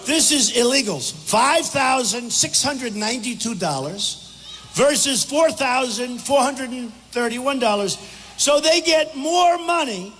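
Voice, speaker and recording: At an airport hangar rally with a crowd, an older male political candidate gives a rambling, repetitive, combative speech at a podium microphone. His voice is extremely high and a bit bright, and the echoey hall carries faint background noise.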